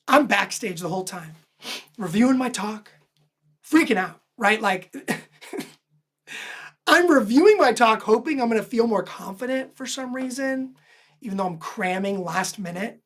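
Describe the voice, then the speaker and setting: A woman host animatedly telling a personal story, lively and self-deprecating, laughing often. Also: medium pitch. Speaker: host recounting her own stories.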